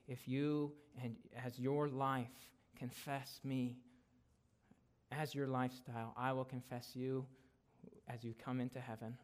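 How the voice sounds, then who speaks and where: A guest preacher delivers an expository sermon in a conversational style, often ending lines with "right?" His voice rises louder and higher for emphasis, then softens to close each point.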